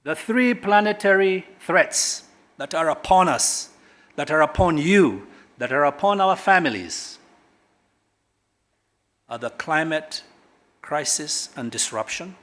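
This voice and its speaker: A middle-aged man from Kenya, a government guest speaker at a corporate launch, speaks emphatically and swings sharply between loud and quiet. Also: fairly high pitch, lively intonation, slow, long pauses. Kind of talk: public speech at a corporate launch.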